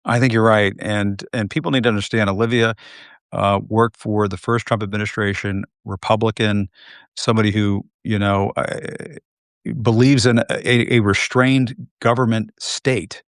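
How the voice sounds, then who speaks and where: A male host speaking with anger and emotion, halting and repeating himself as he comments live. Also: lowish voice, steady tone, no echo, clean studio sound.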